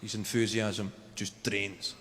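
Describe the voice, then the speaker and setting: Slow dry Scottish stand-up comedian. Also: male voice, fairly low pitch, level tone, background noise. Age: young adult. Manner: dry storytelling, laughing at his own lines. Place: comedy stage before a live audience. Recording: live show with loud audience laughter. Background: roaring crowd laughter.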